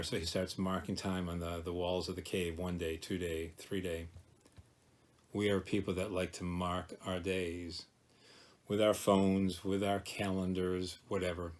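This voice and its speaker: A male pastor giving a daily devotion, gentle and reflective, slowing to dwell on each word of a verse. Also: low voice. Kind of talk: devotional talk.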